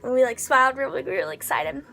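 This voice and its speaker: A woman with a high, bright-sounding voice tells a story in a chatty, excitable way. She leans hard on "like" and sometimes drops to a whisper for asides. Soft music plays faintly in the background. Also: rapid-fire, gravelly. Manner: chatty, heavy use of 'like' fillers. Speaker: vlogger. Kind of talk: casual storytelling.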